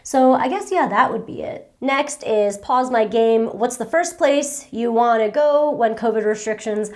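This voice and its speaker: A woman's voice: a little high, measured pace, darkish tone. A woman in her thirties from the United States, chatting casually and giggling as she reads out and answers viewer questions. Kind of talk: casual Q and A chat.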